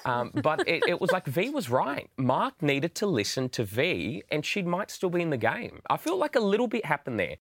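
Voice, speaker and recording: A man co-hosts a casual podcast, his pitch rising and falling in a lively way. He retells events with dramatic emphasis, and the sound is dry and close to the mic. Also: normal speed, hardly any pauses, no echo. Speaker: podcast co-host. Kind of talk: casual recap chat.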